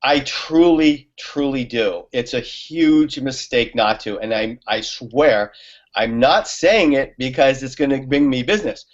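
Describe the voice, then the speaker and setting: A man's voice: mid-range voice, unhurried. Chatty laughing man, muffled audio. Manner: chatty storyteller, laughs often, many fillers. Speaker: guest on a talk show. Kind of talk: casual conversation.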